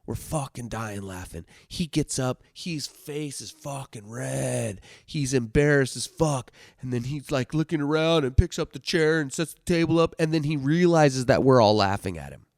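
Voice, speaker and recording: A man hosting a podcast, telling a story in a loose, heavily swearing way, swinging from loud bursts to hushed asides. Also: mid-range voice, animated, moderate pace, creaky, hardly any pauses, dry recording, clean studio sound. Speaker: podcast host telling stories. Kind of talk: casual storytelling monologue.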